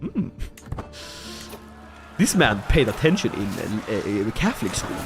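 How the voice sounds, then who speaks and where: Music plays in the background as a man from Sweden, medium-pitched and measured in pace, streams a strategy game live. He's animated and jokey, laughing frequently and chatting with viewers in casual game commentary.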